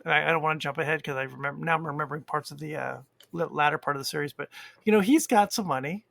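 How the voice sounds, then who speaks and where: Gravelly man in casual podcast chat. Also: a little high, very fast, fairly bright tone, no room sound. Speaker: podcast co-host.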